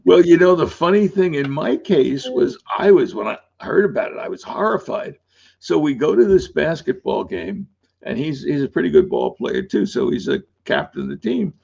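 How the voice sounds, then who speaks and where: A man's voice: a little high, sing-song, moderate pace, creaky, darkish tone, dull audio. An older man, an author guest in a casual interview, telling rambling anecdotes and laughing often.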